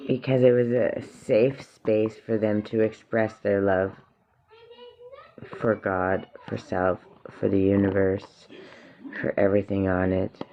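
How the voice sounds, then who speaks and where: A father who vlogs gives a heartfelt spiritual reflection at home, kids close by, repeating phrases to drive them home. He speaks slowly in a fairly low, level voice, and the lo-fi recording sounds dull.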